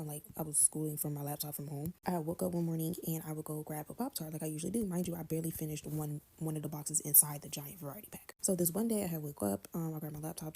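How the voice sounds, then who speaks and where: A young woman tells a family storytime in a low, gravelly voice with a husky edge. She talks very fast and offhand, slipping into slang as she quotes the people in the story. Her tone is dark and mellow rather than bright. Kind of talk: casual storytime.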